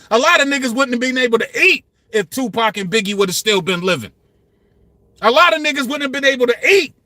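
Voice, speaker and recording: A man's voice: very high-pitched, bright, forceful tone, dry recording, clean studio sound. A man in his fifties hosting a hip-hop commentary channel, talking passionately and emphatically in street slang. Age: 50s. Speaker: channel host.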